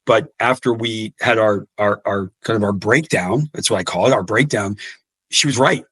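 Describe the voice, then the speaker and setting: A man's voice: on the low side, moderate pace, a bit bright, breathy edge, no room sound. A man in his fifties talking earnestly in an interview, often repeating words and restarting sentences. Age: 50s. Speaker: guest coach. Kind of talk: podcast interview.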